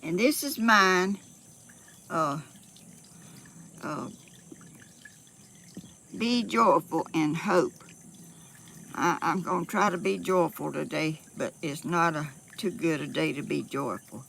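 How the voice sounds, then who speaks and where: A Southern woman chats slowly and folksily on a phone live stream outdoors, a little out of breath. Her voice is bright but gravelly, full of fillers and easy laughs. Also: low voice, slight background noise. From Georgia, US South. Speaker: vlogger.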